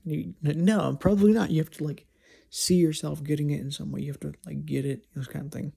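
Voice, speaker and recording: A man's voice: a little high, fairly even intonation, fairly quick, gravelly, dark tone, husky. A man talking alone on a casual podcast, thinking aloud and rambling with frequent restarts. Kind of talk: casual solo monologue.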